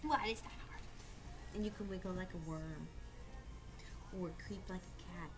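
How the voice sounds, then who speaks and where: A woman's voice: on the low side, moderate pace, over music. A young woman, an aunt, reading a picture book aloud to a toddler at home in a coaxing, sing-song way, often laughing. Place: home, indoors. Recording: home camcorder with loud background noise.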